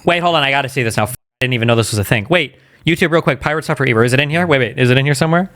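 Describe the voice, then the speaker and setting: A man co-hosting a podcast, talking in a quick, questioning, impatient way. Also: mid-range voice, a bit bright. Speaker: podcast co-host. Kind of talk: casual podcast chat.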